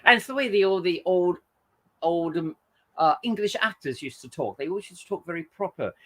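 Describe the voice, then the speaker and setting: With a lively, high-sitting voice that's brisk and a bit bright, this man hosts a live stream and reads viewer comments aloud. His casual chat rambles along, packed with fillers. He frequently corrects himself partway through sentences.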